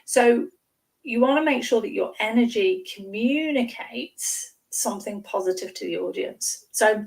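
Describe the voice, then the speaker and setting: A woman coach chats over a video call with a fairly high voice, lively and acting out examples as she talks. Her voice sounds a little distant from the microphone. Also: measured pace, gravelly. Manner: lively, acts out examples with exclamations. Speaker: guest speaking coach. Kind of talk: casual chat on a live stream.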